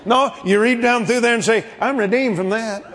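A man preaching a fervent sermon, shouting and laughing as he goes. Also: very high voice, normal speed, background noise. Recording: reverberant hall with a crowd.

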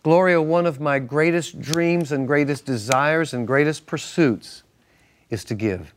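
A man's voice: a little high, measured pace, a little hiss or hum. A male minister teaching from the Bible on a Christian talk show, emphatic and repetitive in a preacherly way.

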